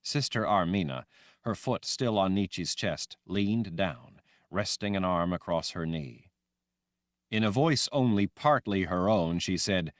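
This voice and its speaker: A man reading a fantasy audiobook aloud in a dramatic, expressive way. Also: deep voice, unhurried, no room sound, clean studio sound. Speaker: audiobook narrator. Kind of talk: scripted fantasy audiobook narration.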